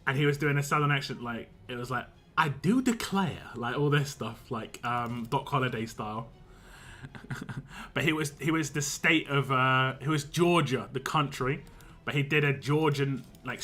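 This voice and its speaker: A man's voice: medium pitch, steady tone, moderate pace, pushed and bright. A man, a game streamer, chatting casually and rambling on a live stream, laughing often.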